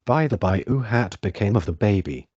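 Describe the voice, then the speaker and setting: A man's synthetic text-to-speech voice reading the lines of a grinning, riddling cat in an audiobook, in an even and unhurried manner. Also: lowish voice, breathy edge, no room sound, muffled recording.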